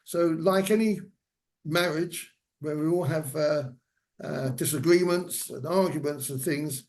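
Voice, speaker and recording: Older male guest speaker with a slightly high voice, rambling through anecdotes at a lecture. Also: unhurried, a little mellow. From England. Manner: rambling anecdotal delivery with fillers. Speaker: guest speaker, former hairdresser. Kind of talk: lecture storytelling. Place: senior center lecture hall.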